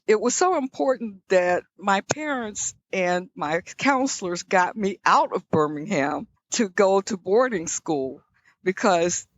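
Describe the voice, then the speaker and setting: Older Southern-raised woman guest, reflective and measured, dry dull lo-fi audio. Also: medium pitch, expressive, no echo. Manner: reflective, measured, frequent restarts. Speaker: guest, leadership scholar. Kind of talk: conversational interview storytelling.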